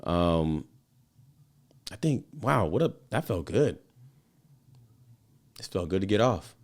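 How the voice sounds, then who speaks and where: A man's voice: deep voice, big pitch swings, slow. A man hosting his own show, talking loosely and casually with lots of slang, fillers and swearing. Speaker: podcast host. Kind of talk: casual motivational monologue.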